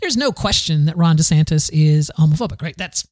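A man's voice: on the high side, animated, fairly quick, darkish tone, dry recording, clean studio sound. A man hosting a podcast, riffing through the news in a casual, sarcastic way, full of fillers and restarts. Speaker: podcast host.

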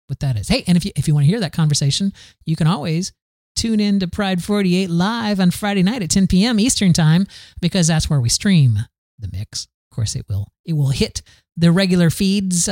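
A man's voice: on the high side, darkish tone, no room sound, studio quality. A man hosting a podcast, riffing through the news in a casual, sarcastic way, full of fillers and restarts. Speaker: podcast host.

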